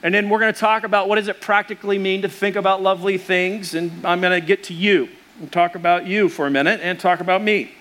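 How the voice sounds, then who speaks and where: High-voiced pastor preaching, lively and joking. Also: male voice, quick pace. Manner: animated storytelling with humor and asides to the congregation. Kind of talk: sermon.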